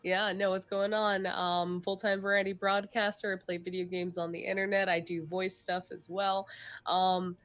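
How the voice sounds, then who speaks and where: A woman's voice: medium pitch, flat delivery, normal speed, fairly bright tone, no room sound. A woman who streams and does voice work, chatting in a giggly, friendly way on a livestream. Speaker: variety streamer and voice performer. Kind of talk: casual livestream chat.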